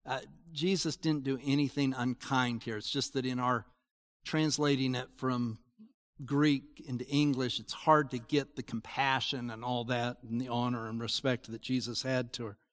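A man's voice: mid-range voice, flat delivery, moderate pace, fairly bright tone, in a large hall. A man preaching a sermon in an earnest, explanatory way that swells into emphatic, rising passages. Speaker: pastor.

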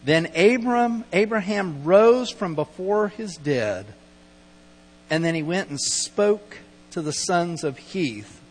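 A man's voice: sits high, animated, slow. A middle-aged man pastor giving a conversational, storytelling sermon and acting out quoted lines. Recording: long hall reverb, mains hum.

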